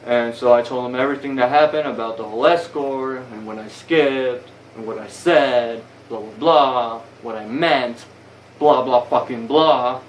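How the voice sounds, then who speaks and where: A man's voice: mid-range voice, measured pace, far from the mic, a little hiss or hum, low-quality recording. A young man telling a story in a casual vlog, rambling and swearing a lot, heated and blunt. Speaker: vlogger. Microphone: phone camera.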